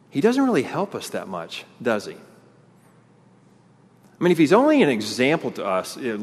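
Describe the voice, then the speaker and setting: A pastor, preaching an animated sermon and acting out the crowd's voices. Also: male voice, mid-range voice. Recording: long hall reverb.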